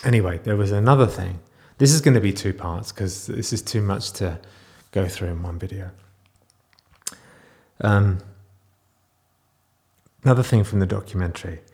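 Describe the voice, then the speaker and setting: A man speaking in a raw, confessional video diary, close to tears, halting and restarting as he talks. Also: lowish voice, creaky, a little mellow. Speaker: vlogger.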